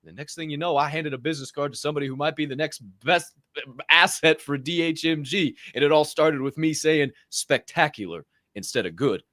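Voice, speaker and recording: A man co-hosting a podcast, talking in an animated, profane, emphatic way. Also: on the high side, a little fast, no echo, clean studio sound. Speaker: podcast co-host. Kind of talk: casual podcast chat.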